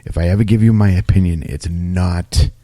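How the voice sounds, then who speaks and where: Brief: man co-hosting paranormal radio, jokey and blunt, very low voice, dry sound. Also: steady tone, normal speed, mellow, no echo. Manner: joking, self-deprecating, blunt. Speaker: co-host of a paranormal radio show. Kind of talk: casual banter.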